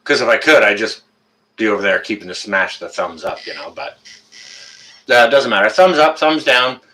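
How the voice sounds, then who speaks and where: A Canadian-accented man chats casually as host of a webcam live stream. He greets his viewers by name one after another. His voice sits low but has a bright, forceful edge. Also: animated, moderate pace. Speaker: livestream host.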